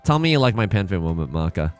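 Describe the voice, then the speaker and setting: A man's voice: sits low, sing-song, fast talker, soft background music. A man hosting a let's play, talking through his game in an exasperated, stammering, self-mocking way. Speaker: gaming channel host.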